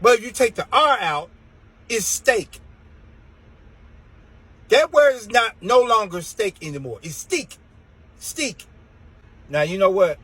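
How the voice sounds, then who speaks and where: A man delivers an exasperated comic rant with a husky, slightly raspy edge. His pitch sits a little high and swings widely as he drags words out for emphasis, in a loose drawl. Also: expressive, measured pace, long pauses, pushed and bright, dry recording, rough recording. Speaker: comedian. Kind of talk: comedic rant to camera.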